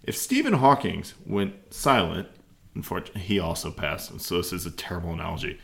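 A man co-hosting a casual podcast, joking around and doing quick silly voices. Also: sits low, lively intonation, vocal fry, a bit bright. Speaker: podcast co-host. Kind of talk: casual banter.

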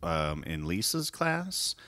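A man's voice: sits low, slow, dry recording, studio quality. A man co-hosting a podcast, chatting casually and teasing the others with lots of laughs. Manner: teasing, laughing, very lively intonation. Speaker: podcast co-host. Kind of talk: casual chat.

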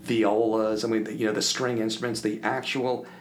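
An older man from the Philadelphia area, a guest telling animated stories and acting out the people in them. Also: lowish voice, normal speed, a little hiss or hum. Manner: animated anecdote-telling, acts out quoted voices. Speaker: podcast guest. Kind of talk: casual storytelling.

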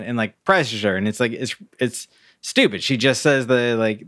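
A man co-hosting a movie review podcast, easygoing and quick to murmur agreement. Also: lowish voice, expressive, fairly bright tone, dry recording, studio quality. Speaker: podcast co-host. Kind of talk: casual movie review chat.

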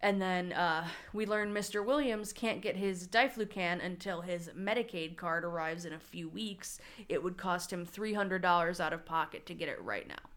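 A woman's voice: on the low side, moderate pace, hardly any pauses, fairly bright tone. A woman co-hosting a casual TV recap podcast, conversational with wry asides. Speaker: podcast co-host.

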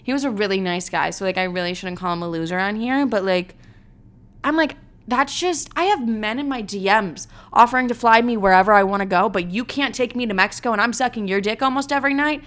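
A woman's voice: medium pitch, fairly quick, a bit bright. A young woman telling a dating story in casual chat, blunt and profane, with lots of "like" and dramatic retellings.

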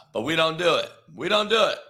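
A high-pitched man rants about sports, swearing freely and circling back over the same points. His voice swings widely in pitch and sounds bright and forceful. He can flare into shouting. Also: very animated, moderate pace. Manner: heated, profane, repeats himself, bursts into shouts. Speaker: sports commentator. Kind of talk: profane sports rant.

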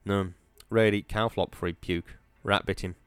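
A man voicing a blunt, rough-spoken mill worker, telling it emphatically. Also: fairly low pitch, fairly even intonation, normal speed, no room sound, natural voice. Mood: emphatic.

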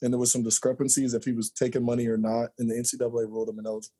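A man in his forties tells stories from his playing days as a podcast guest, lively and joking. His voice is husky and mellow, never sharp. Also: medium pitch, rapid-fire. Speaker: podcast guest, former college basketball player. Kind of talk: storytelling interview chat.

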